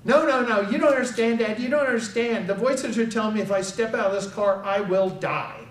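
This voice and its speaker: Frightened adult son pleading with his father, pitched high, a man doing the quote in a roomy hall from a distance. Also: fairly quick, close to an everyday voice. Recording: echoey hall, far from the mic.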